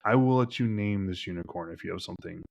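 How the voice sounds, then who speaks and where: Deep-voiced male game master, loose and rambling, lots of "like" fillers. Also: fast, gravelly, dull audio. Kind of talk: narrating a tabletop game.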